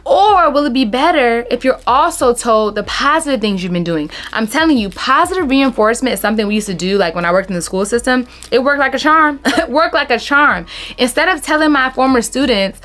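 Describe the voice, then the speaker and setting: This woman, in her thirties, has a high, brisk voice as she casually dispenses relationship advice to camera, animated and emphatic, repeatedly calling viewers honey.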